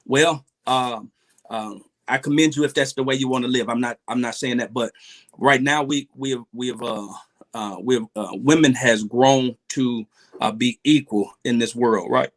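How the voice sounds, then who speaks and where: Guy on a livestream, earnest, lots of uh and restarts. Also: mid-range voice. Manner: earnest, halting, advice-giving with many fillers. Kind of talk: casual livestream chat.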